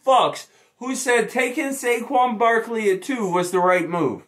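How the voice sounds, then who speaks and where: A man's voice: very high voice, measured pace, few pauses, fairly bright tone. A young man who is a sports YouTuber, mocking and gloating through a profane rant with heavy swearing. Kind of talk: profane ranting sports vlog.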